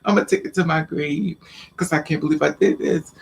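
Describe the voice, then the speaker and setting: Guy vlogging a story from his life, kinda high voice, stammers and repeats a lot, acts out the quotes. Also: fairly even intonation, fairly quick, creaky. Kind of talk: casual personal storytelling.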